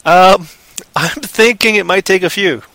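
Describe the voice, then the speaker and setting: A man co-hosting a casual podcast chat, rambling and joking, often breaking into loud silly voices. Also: high voice, measured pace, dry recording, low-quality recording. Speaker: podcast co-host.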